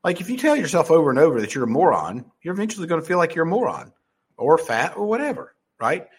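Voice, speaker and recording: A man's voice: a little high, big pitch swings, fast talker, husky. A man telling a rambling, profane story in a casual monologue, full of fillers and restarts.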